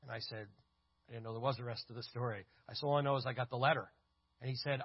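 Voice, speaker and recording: A man's voice: medium pitch, steady tone, fast talker, slightly rough, highs cut off. A man speaking at a church conference, teaching through stories with lots of quoted back-and-forth dialogue and references to photos.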